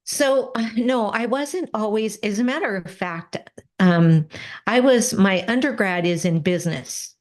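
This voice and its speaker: A woman guest in an interview, telling stories in a lively, animated way and acting out what people said. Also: mid-range voice, a little slow. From Spanish-speaking family. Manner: lively, animated, acts out quoted exchanges. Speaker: interview guest, business coach. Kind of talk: casual storytelling.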